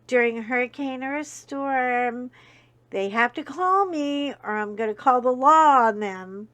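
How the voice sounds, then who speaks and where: A woman's voice: high-pitched, a little slow. A middle-aged woman, hosting a casual coloring vlog and chatting with her viewers, telling stories with bursts of laughter. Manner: chatty, warm-hearted storyteller with bursts of laughter.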